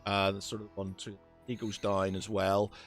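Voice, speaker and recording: A man's voice: sits low, monotone, moderate pace, soft background music. A man narrating a tabletop game as game master, hesitant with many fillers and restarts.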